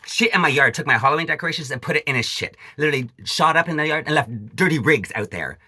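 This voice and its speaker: Brief: Canadian man, profane angry vlog rant, bright and husky. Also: a little high, animated, quick pace. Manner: profane, agitated ranting with repeated asides. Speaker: vlogger.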